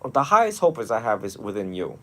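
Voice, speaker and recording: A young adult man, a monastic teacher, talking one on one in a lively storytelling way with frequent laughs. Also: lowish voice, fairly quick. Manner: animated storytelling, often laughing. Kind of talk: one-on-one mentoring talk.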